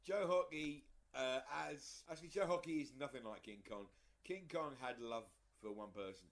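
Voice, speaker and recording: A man co-hosting a podcast over a video call, swearing freely and joking crudely in animated banter. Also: medium pitch, moderate pace, over a noisy crowd. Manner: swears a lot, lively and animated. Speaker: podcast co-host. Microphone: headphones on a video call.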